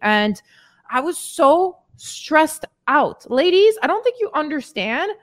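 Lively, chatty woman fitness coach. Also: sits high, slow pace. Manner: chatty and candid, addresses listeners as ladies, occasional swearing. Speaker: weight-loss fitness coach. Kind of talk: casual motivational podcast monologue.

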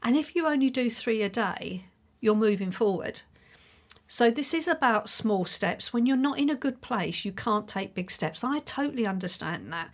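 A middle-aged woman hosting her own podcast, talking alone to listeners in a chatty, reassuring and encouraging way. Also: on the high side. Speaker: podcast host. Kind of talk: solo podcast monologue.

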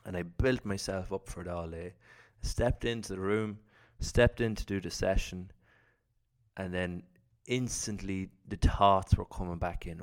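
A man speaks in a very low voice with a gravelly edge, telling a personal story about fear and self-belief. His delivery is earnest and reflective, slipping into the voice of his own doubting inner thoughts. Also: steady tone, a little slow.

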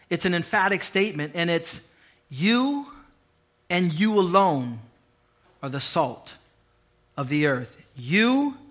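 A man preaching a sermon in a bright, forceful voice. He hammers key phrases through repetition for weight. Between those lines he slips into chatty asides full of fillers. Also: sits high. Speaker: pastor.

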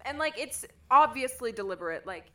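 A woman's voice: high voice, animated, a little fast, sharp tone. A woman co-hosting a podcast, chatting casually and dropping "like" all through her sentences. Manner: chatty, filler-heavy with frequent "like". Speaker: podcast co-host. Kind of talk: casual chat.

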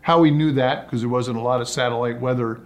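Man, guest on an interview, relaxed storyteller, mid-pitched voice, steady delivery. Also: fast talker. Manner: relaxed anecdotal storytelling, acts out quotes. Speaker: guest, sailor and sailing commentator.

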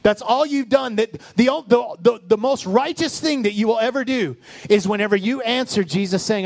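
A male pastor preaching a sermon with passion, building up and then dropping into soft, low asides. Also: normal speed, hardly any pauses, no room sound. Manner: impassioned preaching with sudden soft, low drops.

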